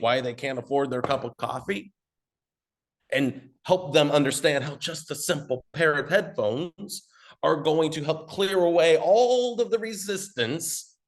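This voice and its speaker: A man with a fairly high-pitched voice coaches on ad marketing in a casual, rambling talk, occasionally swearing and slipping into quick mock voices of customers.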